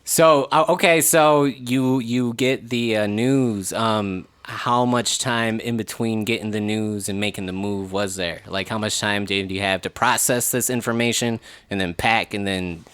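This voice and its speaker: A man's voice: fairly low pitch, steady tone, a little slow, few pauses, a bit bright, smooth, no room sound. A man hosting a podcast, asking curious follow-up questions between short replies. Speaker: podcast host. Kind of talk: casual interview.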